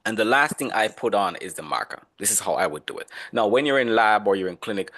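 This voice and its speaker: A man with a low voice leads an online lesson. He talks in a relaxed, conversational way and stops often to quiz students by name. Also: quick pace. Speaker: instructor. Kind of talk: online class lecture.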